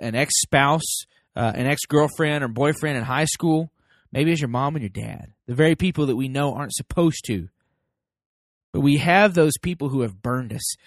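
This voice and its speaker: A man's voice: medium pitch, dry recording, studio quality. An American man hosting a parenting podcast, giving an emphatic motivational talk to his listeners and acting out both sides of little everyday dialogues. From United States.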